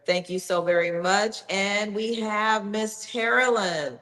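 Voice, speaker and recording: A woman's voice: medium pitch, slow, a bit bright, in a large hall, poor audio. A woman hosting a live online book promotion, upbeat and encouraging as she urges viewers to buy. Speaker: livestream host.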